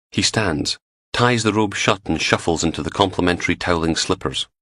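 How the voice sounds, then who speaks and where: A man reading a crime novel aloud as an audiobook narrator, in steady, measured scripted narration. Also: sits low, dry recording.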